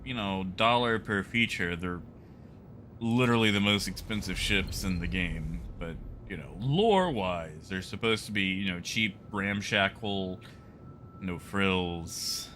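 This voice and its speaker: Man, game streamer, casual chatty commentary, lively, laughs often, faint background hum. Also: low-pitched, unhurried. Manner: animated, chatty, laughs often, greets viewers. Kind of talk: casual live-stream commentary while gaming.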